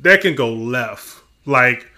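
A man's voice: mid-range voice, expressive, slow, bright, forceful tone. A man hosting a podcast, asking rambling, casual questions with many fillers and restarts. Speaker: podcast host. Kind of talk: casual interview chat.

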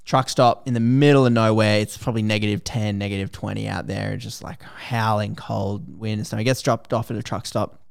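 An Australian man hosting a podcast, retelling a story in a casual, lively, slangy way. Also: lowish voice, brisk, creaky, clear, resonant tone. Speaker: podcast host.

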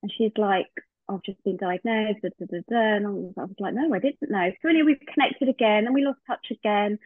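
A woman's voice: medium pitch, fairly quick, no echo. Woman telling a heartfelt story over a tinny line. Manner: heartfelt, acts out remembered dialogue. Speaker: podcast guest. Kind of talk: personal storytelling in a podcast interview. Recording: tinny phone-like line, dry.

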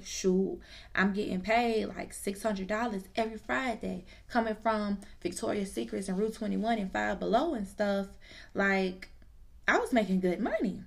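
A woman telling her own story in a casual, lively, slangy way, confiding in the listener. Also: medium pitch, creaky.

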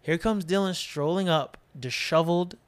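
A man with a somewhat high voice tells a story in casual podcast chat. He is animated and swears freely, and he slips into his friends' voices as he acts out what they said. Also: moderate pace. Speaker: podcast co-host.

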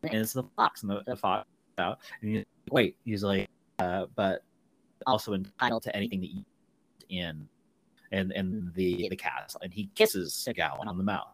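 A man's voice: low voice, normal speed, vocal fry, fairly bright tone. A man co-hosting a podcast, casually retelling a film's plot and acting out the characters' lines in a raised voice. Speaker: podcast co-host. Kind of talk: casual film discussion.

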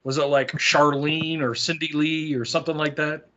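A higher-voiced man needles his co-hosts with crude, mocking questions on a casual podcast. He swears casually. The audio is dull and lo-fi. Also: level tone, moderate pace, bright, forceful tone. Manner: teasing, profane questioner. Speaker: podcast co-host.

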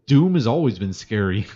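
A podcast co-host talks in a casual, rambling, playful way, humming and filling time when left alone. His medium-pitched voice is warm and a little rough, and the recording has a dull lo-fi sound.

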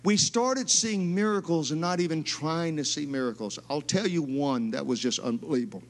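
A middle-aged man, a pastor, preaching a sermon in a church, telling stories in an emphatic, animated way. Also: fairly high pitch, normal speed, big-room sound. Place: church sanctuary.

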